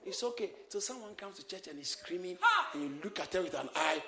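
High-voiced preacher shouting in church. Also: male voice, sing-song, a little fast, vocal fry. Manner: shouting, exhorting, call-and-response. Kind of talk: sermon. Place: church hall with congregation. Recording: echoey church hall, crowd behind.

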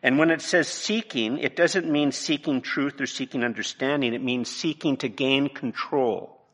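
A man preaching a sermon from his notes, emphatic, dropping to a hush and then rising to loud, pressing points. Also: mid-range voice, normal speed, breathy edge. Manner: emphatic, swings from hushed to loud.

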